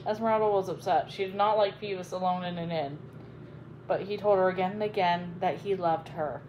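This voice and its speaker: A woman host reading a classic novel aloud chapter by chapter, in an expressive storybook style. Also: fairly low pitch, a little fast, muffled recording, a little hiss or hum.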